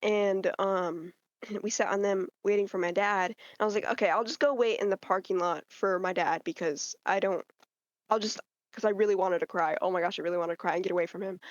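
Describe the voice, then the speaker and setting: A woman's voice: medium pitch, fairly quick, no room sound. A teenage girl tells her story on a podcast and acts out what other people said. Her voice is dry and a little dull, as if recorded close to a cheap microphone. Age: teens. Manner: animated, quotes people in changing voices. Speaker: podcast guest. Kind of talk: casual storytelling chat.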